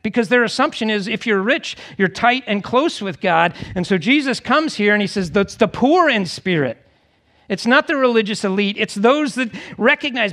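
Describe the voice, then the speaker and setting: A man preaching a conversational sermon to a congregation, acting out quoted voices with lively expression. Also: sits high, normal speed. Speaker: pastor.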